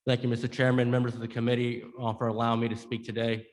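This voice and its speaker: Young man from Georgia, committee testimony, earnest and emotional, halting repeats, long room reverb. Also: medium pitch, monotone. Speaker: public witness. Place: hearing room.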